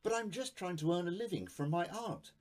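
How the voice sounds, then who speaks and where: A man's voice: high-pitched, expressive, fairly quick, pitched above the performer's own voice. A man voicing a timid, pleading homeless travelling artist who stammers when pressed. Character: meek homeless male travelling artist, foreign.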